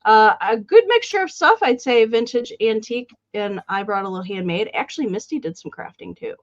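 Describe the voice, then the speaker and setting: A woman's voice: a little high, lively intonation, brisk, dry recording, lo-fi sound. A woman hosting a live online sale, chatting casually and greeting viewers by name. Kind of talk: casual live-stream chat.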